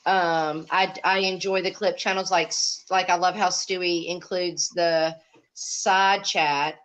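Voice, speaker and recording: Gossipy woman host with a low voice. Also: steady tone, slow pace, fairly bright tone. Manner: chatty, gossipy, laughing. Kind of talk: casual chat on a livestream.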